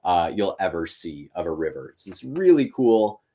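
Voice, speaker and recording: A man's voice: sits low, very animated, normal speed, dark tone, a little hiss or hum. A man hosting a live-streamed reading and commentary, talking casually and thinking aloud with fillers. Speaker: teacher and host.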